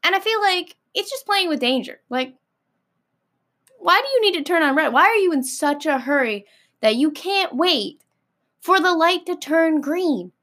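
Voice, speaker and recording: A woman's voice: extremely high pitch, expressive, normal speed, a bit bright. An American woman ranting casually to camera, packing her talk with "like" and blunt, sassy swearing. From United States. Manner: filler-heavy, frequent "like". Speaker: vlogger.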